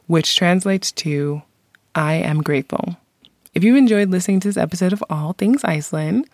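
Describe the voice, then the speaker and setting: A woman in her thirties hosting a podcast, reading a scripted segment in a friendly, measured way on a close mic. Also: low-pitched, a little mellow, no echo. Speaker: podcast host.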